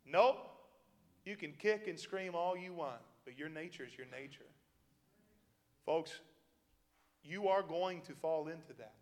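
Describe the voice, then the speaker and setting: A man delivers a sermon in a folksy, emphatic way, breaking into chuckles as he drives his points home. His voice sits a little high for a man. It rings out with a long reverb through a church hall. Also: a little slow, pauses often. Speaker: pastor.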